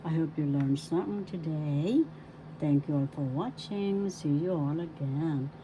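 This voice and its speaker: A woman language teacher giving a slow pronunciation lesson, breaking each word into syllables and repeating it. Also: low-pitched, noisy background. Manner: deliberate, spells words out syllable by syllable and repeats them.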